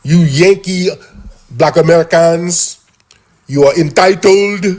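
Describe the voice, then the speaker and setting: A man's voice: fairly high pitch, takes it slowly, darkish tone, voice pushed up. A man putting on a poorly done Jamaican accent to mock a scolding Jamaican man telling Americans to go home. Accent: put-on Jamaican.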